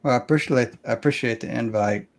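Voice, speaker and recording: A man's voice: medium pitch, fast. Rambling guest trailing off his goodbyes. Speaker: guest motorcycle vlogger.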